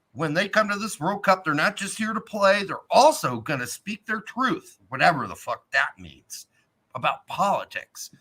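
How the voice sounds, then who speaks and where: Animated, high-voiced ranting man. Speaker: podcast co-host. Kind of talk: casual sports podcast banter.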